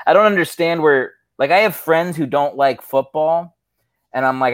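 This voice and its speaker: A man who is a comedian guest on a podcast, musing in a wry, deadpan way with casual swearing. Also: fairly high pitch, normal speed, no room sound.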